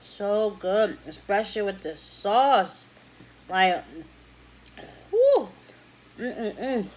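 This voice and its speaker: A woman chatting casually while eating fried chicken for a vlog, slangy and relaxed, humming with pleasure between bites. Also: mid-range voice, slow, slight background noise. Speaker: mukbang vlogger.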